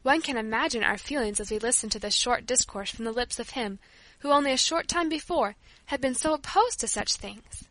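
A woman narrating a children's story in a steady, gentle reading manner. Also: fairly high pitch, fairly quick, no echo.

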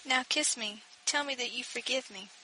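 A woman voicing a dying eighteen-year-old girl who speaks faintly and calmly. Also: on the high side, normal speed, slight background noise, low-quality recording. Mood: weak, resigned.

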